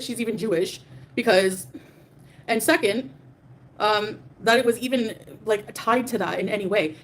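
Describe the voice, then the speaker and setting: A woman's voice: a little high, a little hiss or hum. Defiant ranting woman on a livestream. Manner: defiant, ranting, profane, frequent fillers. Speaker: livestream host. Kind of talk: livestream rant reading super chats.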